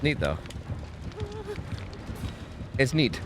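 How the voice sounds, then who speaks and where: A young man streaming a game, chatting casually with his viewers, swearing freely and trailing into quick asides. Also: mid-range voice, very animated, a bit bright. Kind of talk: casual gaming commentary.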